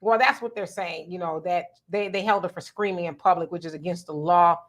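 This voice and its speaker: A woman's voice: lowish voice, a little fast. A woman hosting a live talk stream, telling stories with a lot of energy, laughing often and reading viewer comments aloud.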